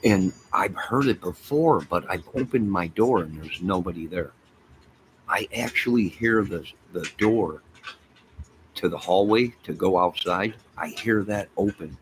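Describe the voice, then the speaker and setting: Man, deep voice, slow talker, rambling livestream chat, steady background noise. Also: low-quality recording. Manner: rambling, storytelling, talks to chat and to his pets. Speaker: livestream host chatting with viewers. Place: home apartment by a fire.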